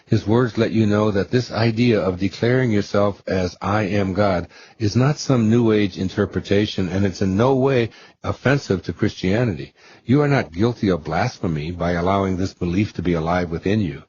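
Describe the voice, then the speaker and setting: A man with a deep, low voice reads a spiritual book aloud, unhurried and reverent. The recording is muffled and lo-fi, with a faint hiss underneath. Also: a little mellow. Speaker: audiobook reader.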